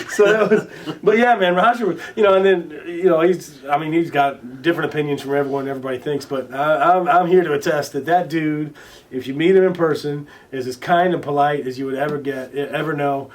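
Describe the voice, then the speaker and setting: Rambling, slightly high-voiced man telling stories. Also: a little fast, recorded from a distance. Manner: rambling anecdotes with many restarts and fillers; swears casually and acts out quoted lines loudly. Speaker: interview guest, recording artist. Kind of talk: casual storytelling in conversation.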